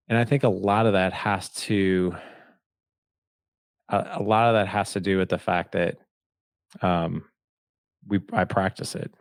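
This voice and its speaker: A man's voice: on the low side, a little slow, long pauses, a little mellow, no echo, clean studio sound. A man in his forties, a podcast guest, telling personal stories in an earnest, candid way. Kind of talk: conversational interview storytelling.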